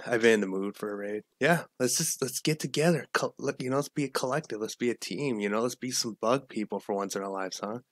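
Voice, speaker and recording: A man hosts a casual livestream in a mid-range voice, talking briskly in a studio-quality recording with no echo. He rambles, repeating himself and restarting sentences, and greets viewers from the chat.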